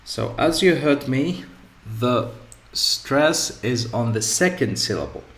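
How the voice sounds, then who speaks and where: A man teaching an English pronunciation lesson, speaking deliberately and repeating each example word several times for emphasis. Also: mid-range voice, animated, a bit bright. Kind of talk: grammar lesson. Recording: echoey room.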